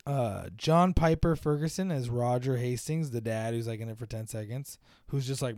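A man co-hosting a casual movie podcast, joking crudely and slipping into quick voices when he quotes characters. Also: mid-range voice, a little mellow, dry recording, clean studio sound. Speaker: podcast co-host.

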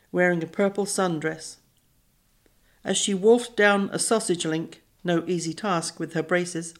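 A woman narrating a children's novel in a measured, even storytelling voice. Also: fairly low pitch. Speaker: audiobook narrator. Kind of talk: scripted narration.

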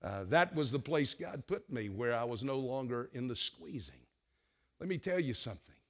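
A middle-aged man preaching a sermon, swinging from hushed, quiet passages to loud, emphatic ones. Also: mid-range voice, very animated, normal speed. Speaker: pastor.

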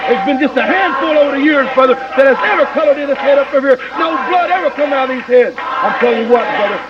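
A man cutting a brash wrestling promo, shouting and calling everyone brother. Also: extremely high pitch, quick pace, over a noisy crowd. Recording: dull, distant 1980s TV tape.

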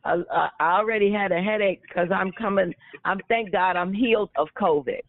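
A woman's voice: medium pitch, brisk. A woman calling in to a prayer line, effusive, praising the pastor and sharing a brief testimony. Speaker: caller. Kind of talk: casual chat on a call. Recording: dry tinny phone line.

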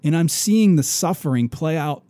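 Mellow, earnest man telling a story. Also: on the high side, lively intonation, normal speed, dry recording. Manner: earnest storytelling with many restarts. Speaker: podcast co-host. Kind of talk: casual faith podcast conversation.

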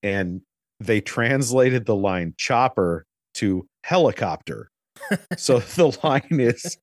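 A man in his forties with a mid-range voice speaks a little slowly, recorded as clean studio sound without echo. Co-hosting a casual movie recap podcast, he is an animated storyteller who swears freely.

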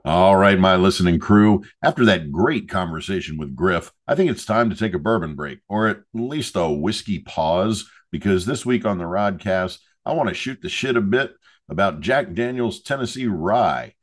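A chatty male podcast host with a very low, deep voice. He talks in a loose, joking way, full of asides, as if chatting with his regular listeners. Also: expressive, normal speed. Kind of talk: casual podcast monologue and product review.

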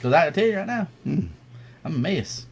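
Middle-aged male podcast co-host, a lively, animated storyteller with a slightly high voice. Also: moderate pace, creaky, slight background noise. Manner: animated storyteller, acts out quotes, laughs a lot. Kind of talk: casual podcast banter.

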